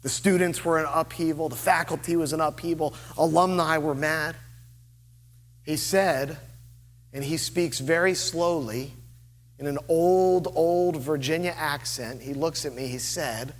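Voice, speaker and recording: A man preaching a sermon as lead pastor, earnest and deliberate, with dramatic pauses. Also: on the high side, fairly even intonation, long reverb tail, slight background noise. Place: church sanctuary.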